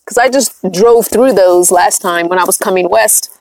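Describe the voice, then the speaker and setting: A woman's voice: mid-range voice, normal speed, no room sound. Chatty woman on a dry livestream. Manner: chatty, laughs often, reads comments aloud. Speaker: van-dwelling vlogger reading live chat. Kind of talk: casual livestream chat. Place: inside her van.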